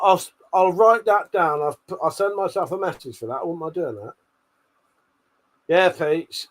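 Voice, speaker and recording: High-voiced English man swearing and gloating. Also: fairly bright tone. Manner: swears a lot, mocking and gloating. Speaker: livestream host. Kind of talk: casual live-stream chat.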